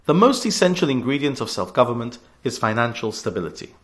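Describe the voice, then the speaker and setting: A man of about forty from Gibraltar delivers a scripted political radio address, earnest and emphatic, leaning hard on key words. His medium-pitched voice is very animated and a little fast.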